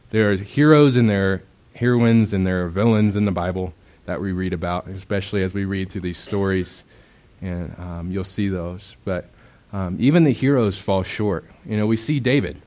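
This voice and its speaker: A man's voice: sits low, moderate pace. A young man giving a sermon in a casual, conversational way, full of "um"s and acted-out quotes. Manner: casual, conversational preaching with many fillers; acts out quoted voices with bursts of loudness. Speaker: preacher.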